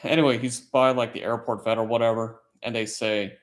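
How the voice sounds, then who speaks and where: A man's voice: mid-range voice, big pitch swings, normal speed, hardly any pauses. A man hosting a casual late-night chat stream, telling a long story in a rambling, profane way. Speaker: livestream host; military service member.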